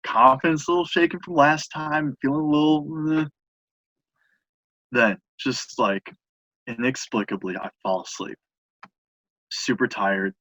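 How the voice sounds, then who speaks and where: A young man casually telling a long funny story on a podcast, animated and acting out other people's lines. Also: mid-range voice, a little slow, long pauses, dry recording, dull audio. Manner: animated, laughing storyteller acting out quoted voices.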